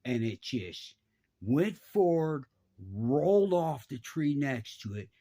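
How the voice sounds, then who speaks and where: A middle-aged man, telling a profane, animated story and jumping his voice around to act out the people in it. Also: slow. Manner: animated, profane, acts out voices with big pitch jumps. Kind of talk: casual storytelling.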